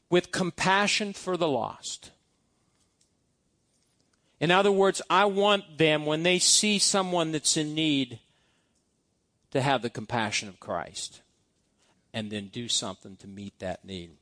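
A man's voice: on the high side, slow pace, long pauses, a bit bright, no room sound. A male pastor preaching a sermon, reciting scripture-based blessing prayers with emphasis. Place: church.

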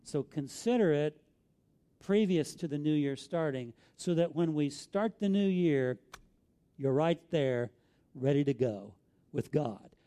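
A man's voice: fairly high pitch, expressive, slow pace, mellow. A middle-aged man with an Arkansas accent, preaching a sermon as a pastor, telling stories in an earnest, folksy way.

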